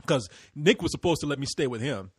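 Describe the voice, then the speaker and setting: Host: husky high-voiced man from Texas, animated storyteller, close and dry sound. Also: brisk, no echo. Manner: animated, laughing storyteller who swears freely. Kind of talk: casual storytelling chat.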